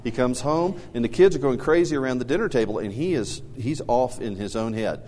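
A middle-aged man chats about raising children and tells stories with lots of energy, his voice leaping up and down. He acts out the quotes in his stories. The sound has a long hall reverb behind it. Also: brisk. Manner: animated storyteller, acts out quotes with big pitch jumps. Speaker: co-host. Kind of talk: casual parenting talk.

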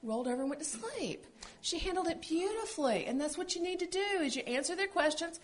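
A woman co-hosting a casual chat about parenting, telling stories in an earnest, expressive way. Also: extremely high pitch, brisk. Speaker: podcast co-host.

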